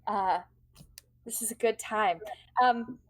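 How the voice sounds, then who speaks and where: A woman's voice: on the high side, takes it slowly, poor audio. Woman doing a weary sarcastic sea captain. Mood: grudging. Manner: tired, grudging politeness. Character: weary, dryly sarcastic female ship captain.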